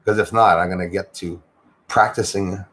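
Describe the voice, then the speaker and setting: A man's voice: low-pitched, steady tone, normal speed, fairly bright tone. A man hosting a casual livestream, chatting with viewers, greeting them by name and often saying "eh". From Canada. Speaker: livestream host.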